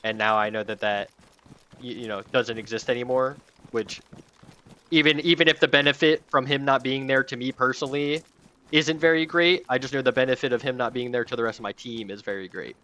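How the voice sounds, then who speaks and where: A man's voice: mid-range voice, fairly quick, bright, forceful tone, dull audio. A young man in casual chat while gaming, rambling with lots of fillers and swearing freely.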